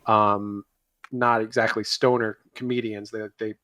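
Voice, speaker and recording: A man's voice: on the low side, flat delivery, a little slow, bright, forceful tone, no echo. A man co-hosting a casual podcast, rambling through his thoughts with fillers and restarts. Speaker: podcast co-host.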